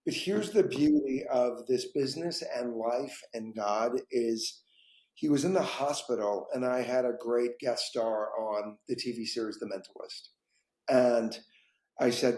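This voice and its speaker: A man who is an actor, telling stories in a casual conversation, lively and expressive. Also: medium pitch, measured pace. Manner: animated storyteller, voice rising and dropping through anecdotes. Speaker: guest actor. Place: home, dog nearby. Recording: echoey room.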